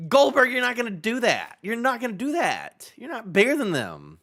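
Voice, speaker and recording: A man's voice: high-pitched, very animated, normal speed, fairly bright tone. A man streaming a live manga reaction, reading panels aloud, joking about them and laughing often. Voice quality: voice clear, no longer hoarse.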